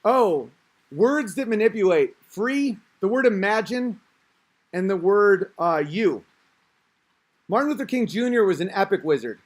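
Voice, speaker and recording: A man's voice: sits high, expressive, unhurried. A man hosting a podcast, talking in a rambling, crude, self-interrupting casual rant. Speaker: podcast host.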